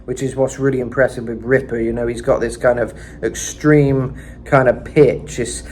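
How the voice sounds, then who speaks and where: A man giving a casual vocal lesson, chatting about singers' tones and breaking into gritty high sung and screamed demonstrations. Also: level tone, moderate pace, darkish tone, a little hiss or hum. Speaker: vocal coach.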